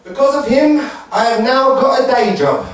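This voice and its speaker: A young man from performing a stand-up set, telling quick, playful stories and slipping into voices. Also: very high voice, sing-song. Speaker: stand-up comedian. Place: comedy club stage. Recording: echoey club heard from a distance.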